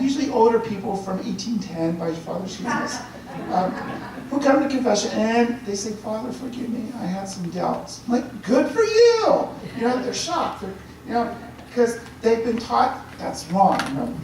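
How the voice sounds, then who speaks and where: A man's voice: high voice, darkish tone. Man, priest, chatty lecture, checks in with listeners, very echoey room. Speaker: priest giving a talk. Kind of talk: conversational lecture. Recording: very echoey room, distant mic, faint hiss.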